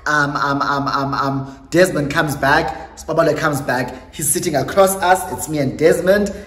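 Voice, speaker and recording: A young South African woman telling a storytime on her vlog in a lively way, slipping Xhosa phrases into her English. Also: low voice, moderate pace. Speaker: YouTuber. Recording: echoey room with faint music.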